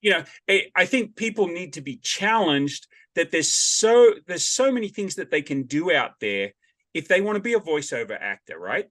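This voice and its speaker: A man hosting a podcast over a video call, chatting casually and telling animated stories. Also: a little high, normal speed. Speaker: podcast host. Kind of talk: casual interview chat.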